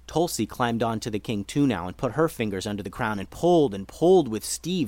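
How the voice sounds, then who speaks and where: A man narrating a children's story as host, expressive and shifting his pace. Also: mid-range voice, a little fast, few pauses, a little hiss or hum.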